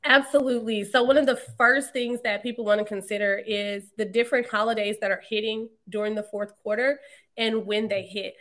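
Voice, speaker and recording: A woman in her thirties, a podcast guest, telling her story in a casual, animated way and laughing often. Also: on the high side, a little fast. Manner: animated, laughs often, quotes others in lively voices. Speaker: podcast guest, marketing entrepreneur.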